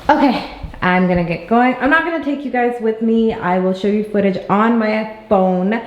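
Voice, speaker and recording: A woman's voice: medium pitch, normal speed, muffled recording. A young woman in her twenties chatting casually to the camera at home in a bubbly, giggly way. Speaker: vlogger. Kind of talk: casual vlog chat. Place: family home, indoors.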